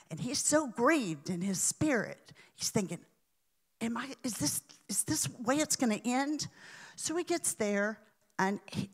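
A woman preacher telling a story in a sermon, dramatic, with sudden hushes and swells. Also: mid-range voice.

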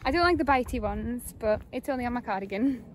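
A woman's voice: on the high side, expressive, quick pace, a little hiss or hum, poor audio. Giggly young woman vlogging outdoors. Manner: giggly, dreamy and delighted, laughs often. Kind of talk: casual outdoor vlog. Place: outdoors by a pond in abbey grounds. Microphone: phone.

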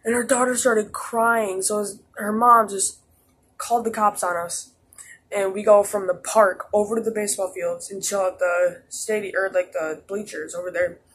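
In this storytime vlog, a teen boy talks at a normal speed in a high, fairly bright, husky voice with flat delivery. He rambles, says "like" constantly, and keeps restarting.

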